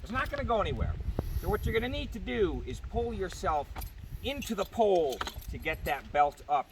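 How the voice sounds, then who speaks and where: A man's voice: a little high, fairly bright tone, far from the mic, a little hiss or hum. A man instructing a group outdoors on spar pole climbing technique, projecting his voice while he climbs. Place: outdoor yard.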